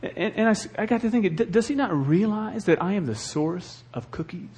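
A middle-aged male pastor preaching a sermon with animated delivery and acted asides. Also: high-pitched, fairly quick.

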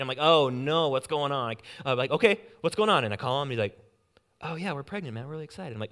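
A young male pastor preaching with a slightly raised pitch. He shifts between loud urgent bursts and quiet, pointed emphasis. Along the way he acts out anxious inner voices with humor. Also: expressive, quick pace. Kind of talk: sermon.

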